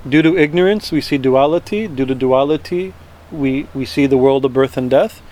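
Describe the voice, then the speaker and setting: A man teaching a verse-by-verse scripture class, chanting Sanskrit words slowly and then translating them, with many fillers and restarts. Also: mid-range voice, darkish tone.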